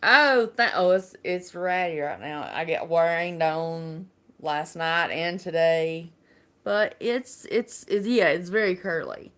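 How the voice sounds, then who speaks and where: A woman's voice: fairly low pitch, takes it slowly, a bit bright. A woman from Alabama with a Southern accent, chatting casually and rambling on a live stream, laughing often. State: unwell.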